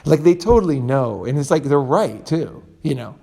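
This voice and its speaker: Male podcast host, blunt rambling delivery, warm dark timbre. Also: a little high, lively intonation, normal speed, gravelly. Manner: blunt, rambling, with restarts and swearing. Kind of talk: casual podcast chat.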